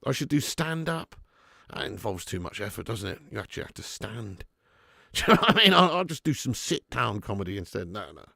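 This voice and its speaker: A man hosting a live football watch-along, who is excitable and jokey and bantering with his chat. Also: fairly low pitch, brisk, creaky, dry recording, clean studio sound. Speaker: live stream host.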